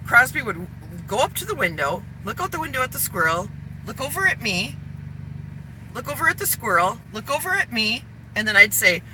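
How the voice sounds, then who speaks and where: A woman chatting casually on a livestream while driving, holding her phone camera, telling animated stories. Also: on the high side, fairly quick, poor audio. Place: inside a car on a freeway. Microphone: phone camera held in hand. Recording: loud road and car noise.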